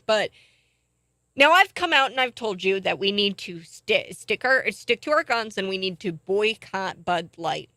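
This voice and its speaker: A woman's voice: medium pitch, expressive, unhurried, no room sound. A woman hosting a morning talk show, giving chatty, indignant political commentary. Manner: chatty and indignant, thinks out loud.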